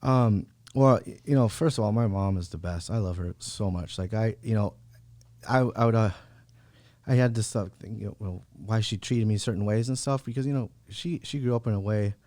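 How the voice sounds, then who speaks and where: A man's voice: fairly low pitch, normal speed, darkish tone. A man guesting on a podcast, telling a personal story in a casual, laid-back way, peppered with "bro" and "like". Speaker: podcast guest, real estate agent. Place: podcast studio.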